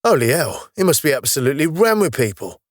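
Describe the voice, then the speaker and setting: A man's voice: on the high side, big pitch swings, fast talker, no room sound, clean studio sound, pitched above the performer's own voice. A man voicing a frail older British man, newly woken, who jokes in a plain down-to-earth way. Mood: chatty. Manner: joking, down-to-earth, breathless.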